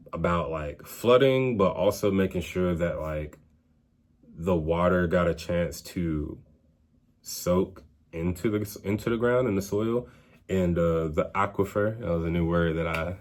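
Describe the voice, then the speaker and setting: A man's voice: low-pitched, a little mellow. A man in his thirties talking casually in a vlog, loose and joking with lots of fillers. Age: 30s. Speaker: vlogger.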